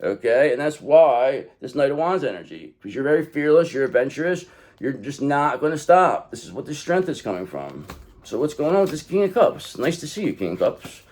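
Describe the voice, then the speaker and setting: A man's voice: medium pitch, very animated, a little fast, a little mellow. A man giving a casual tarot card reading, blunt and profane, rambling as he talks straight to the viewer. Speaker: tarot reader.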